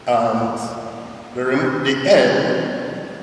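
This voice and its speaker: A man, a minister, explaining a teaching deliberately and spelling words out letter by letter, heard in a sanctuary. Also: mid-range voice, a little hiss or hum. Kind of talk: teaching sermon in an interview. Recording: echoey hall from far off.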